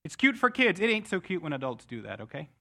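A middle-aged man preaching a sermon as pastor, emphatic, often restarting words with quick repeats. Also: a little high, big pitch swings, creaky, bright, forceful tone.

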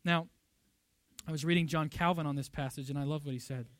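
A man's voice: fairly high pitch, steady tone, fairly quick, dry recording. A pastor preaching a sermon, emphatic and fond of rhetorical questions, a father of young children. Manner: emphatic, rhetorical questions, loud bursts when quoting.

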